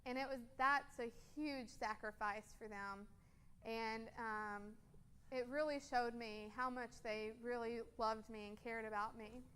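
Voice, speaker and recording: Young woman guest speaker, high and smooth, earnest and chatty. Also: fairly even intonation, unhurried, fairly bright tone. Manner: earnest, casual storytelling with frequent ums. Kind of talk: personal story talk with photos. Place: church.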